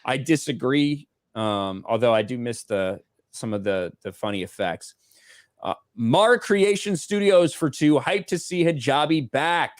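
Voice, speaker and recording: A man's voice: medium pitch, animated, measured pace, no room sound, studio quality. A man co-hosting a casual livestream, reading out viewer donations and swearing offhandedly. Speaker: livestream co-host reading superchats.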